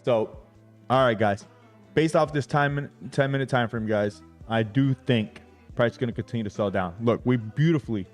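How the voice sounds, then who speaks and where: A man's voice: medium pitch, normal speed, faint music behind. A young man hosting a trading livestream, talking brashly to his chat, swearing often and hyping himself up.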